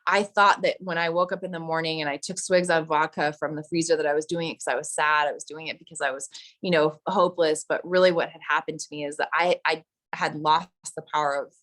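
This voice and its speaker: A woman's voice: low voice, steady tone, fast talker, fairly bright tone. A young adult woman telling her own story of addiction and recovery, candid and confessional, often acting out what people said to her. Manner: candid, confessional, fillers and restarts, quoted voices. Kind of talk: personal storytelling.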